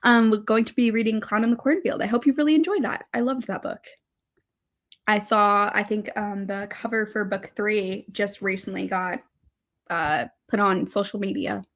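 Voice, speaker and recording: A woman's voice: mid-range voice, steady tone, normal speed. A young woman hosting a casual livestream, chatting in a bubbly way and reading out viewer comments. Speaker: livestream host.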